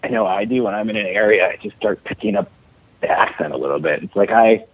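Man, husky, fairly low voice, rambling with fillers, tinny phone-like sound. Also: quick pace, dry recording. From Chicago, USA. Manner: rambling, many fillers and restarts. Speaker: actor, interview guest. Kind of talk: casual interview chat. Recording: dry, tinny phone-like audio.

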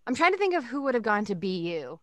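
Excitable woman, lively bouncing voice. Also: fairly high pitch, fast, a loud crowd. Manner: excitable, thinking aloud. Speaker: co-host guessing trivia. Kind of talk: casual chat.

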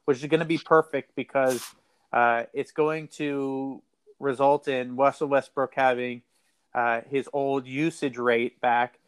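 A man's voice: medium pitch, fairly even intonation, measured pace, clear, resonant tone, no room sound. A man hosting a casual fantasy basketball talk show, rambling and repeating words as he thinks. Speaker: fantasy basketball podcast host. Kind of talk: casual sports betting chat.

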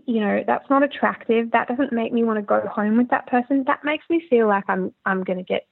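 Gravelly woman on a tinny line. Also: on the high side, brisk. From Australia. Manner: earnest, candid, rambling with restarts. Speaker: musician guest. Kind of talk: casual interview talk.

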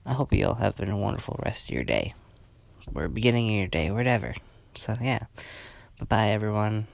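A sleepy young man hosting his own casual podcast, rambling and halting with frequent restarts and yawns. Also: on the low side, lively intonation, gravelly. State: sleepy, yawning. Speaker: podcast host. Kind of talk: casual solo podcast chat.

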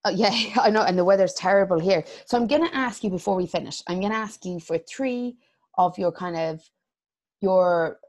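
Woman podcast host, lower voice, encouraging and easygoing. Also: a little mellow. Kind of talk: casual podcast interview.

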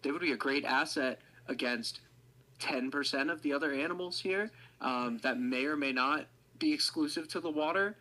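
A man's voice: fairly high pitch, normal speed, sharp tone, poor audio. A man guesting on a podcast over a remote call, laid-back and slangy with some swearing. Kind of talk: casual chat.

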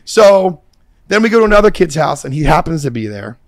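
A man's voice: fairly high pitch, brisk, no room sound, studio quality. A middle-aged man hosting a casual talk show, telling stories with lots of swearing and acted-out voices. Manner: animated storyteller, swearing, acting out voices. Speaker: podcast host. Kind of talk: casual storytelling chat.

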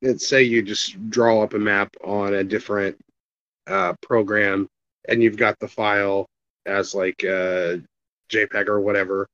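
A man joining a casual gaming podcast who talks in a hesitant, halting way. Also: fairly low pitch, steady tone, a bit bright, no room sound. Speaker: podcast guest. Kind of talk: casual chat. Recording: dull lo-fi audio.

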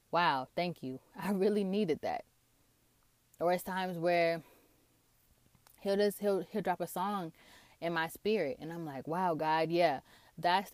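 A woman's voice: fairly low pitch, a little mellow, no echo. A woman talking earnestly about prayer and hearing God, rambling with restarts and fillers. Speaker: Christian vlogger. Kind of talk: casual faith talk to camera.

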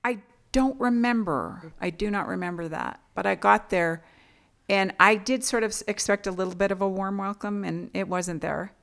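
A woman's voice: mid-range voice, normal speed, gravelly, a bit bright. A woman as an interview guest, frankly and earnestly recounting her own past, often restarting her sentences. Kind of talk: candid personal storytelling.

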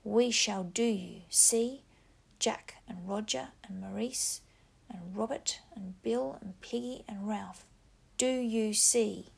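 Sneering schoolmasterly pig's head on a stick, as a woman puts it on, whispered reading, heavy fry. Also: mid-range voice, moderate pace, darkish tone, exaggerated voice. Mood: threatening. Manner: taunting, patronizing, rising to angry threats. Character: menacing talking pig's head, mocking schoolmaster.

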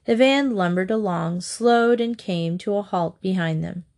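Woman, narrator, children's book read-aloud, steady, expressive. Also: medium pitch, a little slow.

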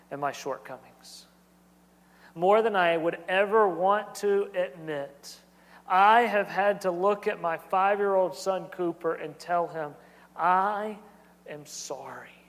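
High-pitched guy preaching, earnest and repetitive, long echoey tail on the voice. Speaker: pastor. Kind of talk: sermon. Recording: long hall reverb.

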